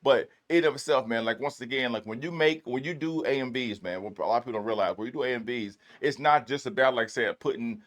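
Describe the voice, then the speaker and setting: A man's voice: mid-range voice, fast talker, hardly any pauses, fairly bright tone. A man hosting a music reaction video, talking in a laid-back, slangy way and tagging his sentences with "man". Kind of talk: casual reaction commentary.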